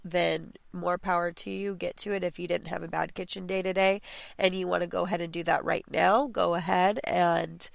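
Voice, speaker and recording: A woman's voice: lowish voice, flat delivery, normal speed, creaky, no room sound. A young adult woman hosting a casual clean-with-me podcast from home, chatty and encouraging, with many fillers and restarts. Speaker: podcast host.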